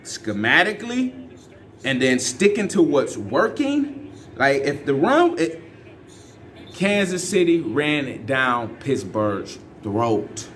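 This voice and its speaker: A man's voice: mid-range voice, very animated, takes it slowly, fairly bright tone, slight background noise. A man, giving loose, rambling and emphatic fan commentary on his team. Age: 50s. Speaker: sports fan vlogger. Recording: faint music underneath.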